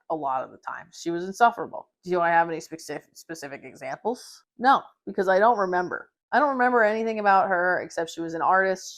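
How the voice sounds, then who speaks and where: Young woman, book vlogger, sarcastic rant, lowish voice, lively swings in pitch. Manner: animated, sarcastic, swears freely, mocks characters in exaggerated voices. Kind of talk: casual opinionated book review.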